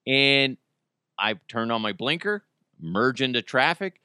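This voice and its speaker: A man in his thirties hosting a podcast, telling a story in casual chat, animated and profane, with his voice jumping up in outbursts, on a close microphone. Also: medium pitch, a little slow, smooth, dry recording. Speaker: podcast host. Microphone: close studio microphone.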